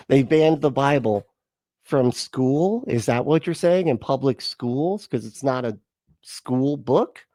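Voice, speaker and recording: Man, sarcastic reaction host, laughs a lot, mid-pitched voice, dry close sound. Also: slow, no echo. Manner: sarcastic, laughing, animated mimicry. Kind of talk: mocking commentary on a clip.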